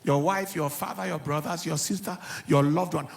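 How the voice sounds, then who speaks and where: A pastor in middle age talks at a normal speed with a steady, creaky voice on the high side. His sermon mixes personal stories and laughter, and he drives points home by repeating words and phrases.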